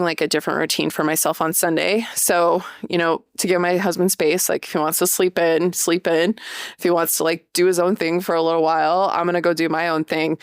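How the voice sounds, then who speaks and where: A woman in her thirties hosting a casual solo podcast, chatty and animated, acting out little quoted voices. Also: lowish voice, clean tone, dry recording, clean studio sound. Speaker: podcast host.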